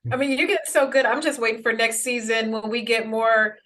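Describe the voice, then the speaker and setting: A woman's voice: on the high side, a little fast, fairly bright tone. A woman hosting an interview, asking long, eager questions in a casual way. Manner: enthusiastic, asks long questions. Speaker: interviewer host.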